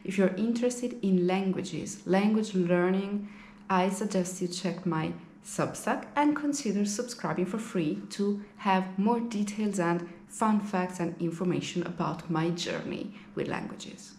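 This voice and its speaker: Slow-speaking woman explaining languages. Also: mid-range voice, a little mellow, a little hiss or hum. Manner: friendly, explanatory, rhetorical questions. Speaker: language video host. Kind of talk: educational talk to camera. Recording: echoey room with faint ambience.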